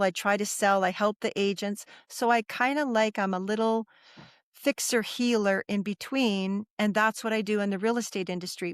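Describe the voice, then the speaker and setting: A woman's voice: mid-range voice, clean tone, no room sound, clean studio sound. A middle-aged woman sharing a personal story as a podcast guest, earnest and repeating phrases for emphasis.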